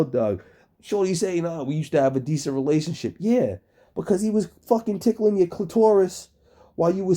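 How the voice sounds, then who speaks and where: A man reacting to a debate video in casual commentary, his voice dark and mellow. He swears constantly and mocks the speakers, sounding incredulous. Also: on the high side. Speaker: stream reactor.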